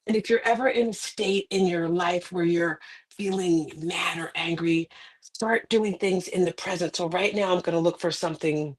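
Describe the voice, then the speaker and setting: Middle-aged woman telling an emotional story. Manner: dramatic, with sudden rises in pitch and volume. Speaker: author and motivational speaker. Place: indoors on a carpeted floor.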